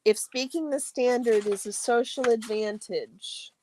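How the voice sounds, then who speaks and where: A woman hosting a study stream, reading a textbook aloud in a steady, measured way, her phrase ends trailing off into a soft whisper. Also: on the high side, slight background noise.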